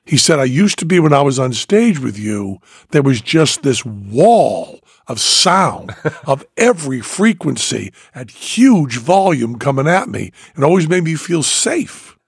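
A man's voice: mid-range voice, big pitch swings, a little slow, creaky, hardly any pauses, slightly rough, no echo, clean studio sound. An older man with a sore throat, telling a story in casual chat and acting out the other people's lines. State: sore throat after a procedure. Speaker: podcast host.

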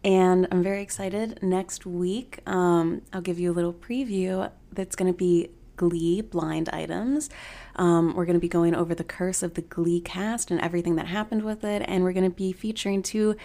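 A woman's voice: fairly low pitch, steady tone, normal speed, mellow. A woman hosting a podcast, chatty and gossipy, swearing freely as she talks. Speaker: podcast host. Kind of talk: casual podcast monologue.

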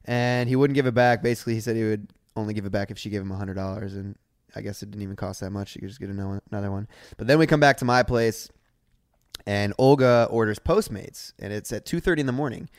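A man's voice: lowish voice, fast talker, dry recording, studio quality. A young man in his twenties co-hosting a podcast, telling stories in casual chat and laughing often. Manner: laughs often, relaxed storytelling. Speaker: podcast co-host.

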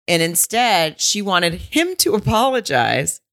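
A woman's voice: on the low side, sing-song, slow pace, fairly bright tone. A woman co-hosting a podcast, chatting casually and acting out quotes with some swearing. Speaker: podcast co-host. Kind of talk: casual chat recapping a reality show.

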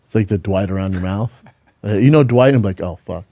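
A man co-hosting a podcast in casual banter, tossing out crude jokes and quick interjections. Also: fairly low pitch, mellow, no echo. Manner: joking, crude one-liners and quick interjections. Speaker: podcast co-host.

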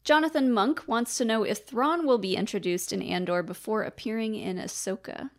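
Woman, podcast co-host, gravelly voice, reads listener questions, relaxed. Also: on the high side, moderate pace. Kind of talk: casual fan podcast chat.

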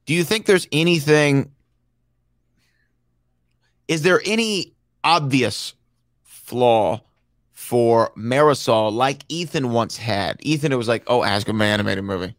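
A man's voice: medium pitch, measured pace, long pauses, no echo, clean studio sound. A man co-hosting a podcast in casual chat, joking and telling playful stories. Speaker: podcast co-host.

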